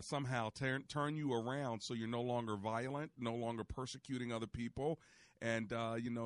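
A man's voice: mid-range voice, no echo. Male radio preacher, earnest and encouraging, dry close sound. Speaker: radio preacher and call-in host. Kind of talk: radio ministry talk with callers.

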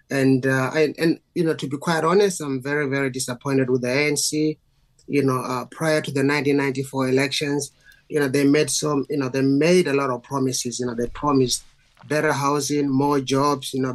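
South African man of average pitch, earnest interview guest, leans on "you know".

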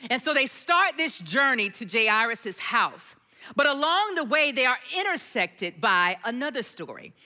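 A woman in her forties preaching a sermon, telling stories in an animated way and chuckling now and then. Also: fairly high pitch, measured pace. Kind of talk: sermon with personal story.

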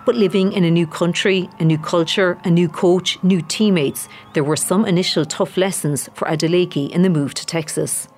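Reporter's voice-over over soft music. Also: medium pitch, steady tone. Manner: measured news voice-over. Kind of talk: scripted narration.

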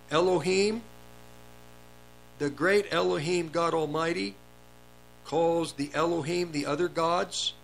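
A man's voice: fairly high pitch, gravelly, a bit bright, slight background noise, poor audio. A man preaching a sermon, reading scripture aloud and explaining it, lifting his voice on the quoted commands. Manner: reads verses then comments, raises voice on commands.

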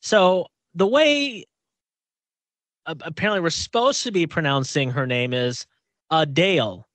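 A man's voice: on the high side, sing-song, a little slow, a bit bright, no echo. A man co-hosting a podcast in casual chat, often laughing and stumbling over his words. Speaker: radio podcast co-host.

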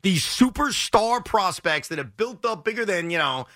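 A man's voice: high voice, lively intonation, normal speed, bright, forceful tone, no echo. A man hosting a sports talk radio show, arguing his point emphatically from a studio microphone. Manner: emphatic, insistent. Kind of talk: animated sports radio debate.

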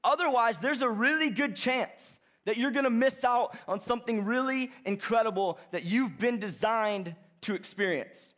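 A young adult man preaching a sermon, telling a story in an animated, chatty way. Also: very high-pitched, moderate pace, few pauses. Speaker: pastor.

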